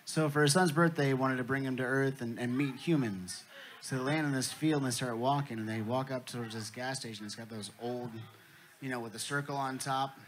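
A man's voice: mid-range voice, fairly quick, slight background noise. A man telling stand-up jokes at a festival in a laid-back, profane storytelling manner. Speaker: comedian. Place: festival stage.

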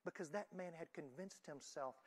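A woman preaching a sermon in a church, moving between loud emphatic lines and soft, hushed ones. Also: deep voice, normal speed.

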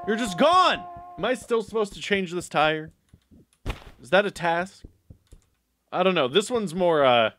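Excitable high-pitched gaming commentator. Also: male voice. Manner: excitable, yelps and shouts at the game. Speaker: gaming YouTuber. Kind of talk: let's play commentary.

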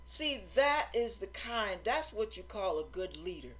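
A middle-aged woman teaches the faith in an informal sermon. She speaks slowly and deliberately at a middling pitch, earnest and exhorting, and she repeats short phrases to drive home each point. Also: very animated, a bit bright. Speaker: Christian teacher.

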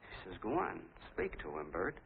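A chatty small-town soda jerk who tells his tale in a folksy, rambling way. His American voice sits a bit low. The sound is tinny and thin, like an old 1940s film, with a faint hiss under it. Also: huge pitch swings, moderate pace, vocal fry, exaggerated voice. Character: small-town soda jerk, eager talkative middle-aged man.

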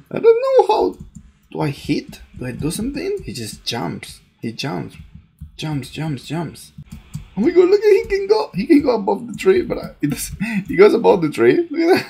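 Excitable, gravelly gamer voice. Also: mid-range voice, moderate pace. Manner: excitable, panicky, laughs often. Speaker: gaming channel host. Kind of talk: gameplay commentary.

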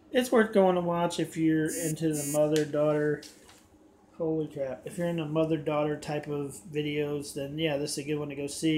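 A man's voice: a little high, darkish tone, slight background noise. An American man hosting a reaction video, talking casually and rambling, often stumbling and restarting his words. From United States.

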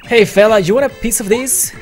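A let's player voicing a small, bad-tempered creature with a gruff, folksy way of talking. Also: mid-range voice, brisk, a little mellow, soft background music, pitched above the performer's own voice, lightly acted. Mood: combative. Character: small grumpy creature, ornery and combative.

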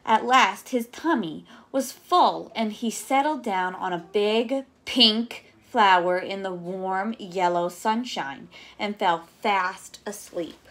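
A young adult woman reading a children's story aloud as a teacher, gentle and coaxing, often asking her listeners questions. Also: mid-range voice, takes it slowly, hardly any pauses.

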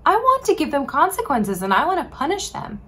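Woman voicing an angry deity, firm, indignant, storybook telling, lively pitch. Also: a little fast, exaggerated voice.

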